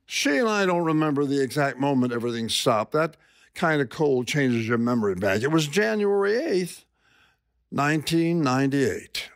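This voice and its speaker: Older man, wry dramatic storyteller, gravelly, very lively pitch, dry close mic. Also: moderate pace, dry recording. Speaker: columnist reading his own column. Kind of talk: personal storytelling narration.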